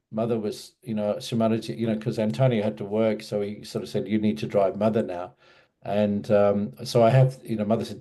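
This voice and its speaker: A man's voice: on the low side, dark tone. A man in his sixties from Australia, a guest in an interview who reminisces in a meandering, restarting way. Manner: meandering storyteller, many restarts and asides.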